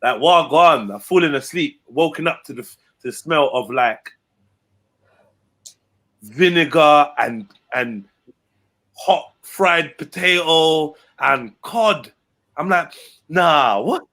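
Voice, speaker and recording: A man's voice: slow, pauses often. A middle-aged man, telling a casual story in a group chat and acting out the quoted voices. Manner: animated storyteller, acts out quotes with big pitch jumps. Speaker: host.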